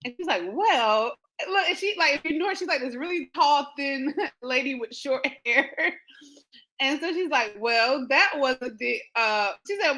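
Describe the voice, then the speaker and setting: A woman hosting a show, telling a personal story in a casual, animated way with frequent laughter. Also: sits high, normal speed, poor audio. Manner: animated, laughing often, quotes others in dialogue. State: emotional, near tears. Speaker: podcast host.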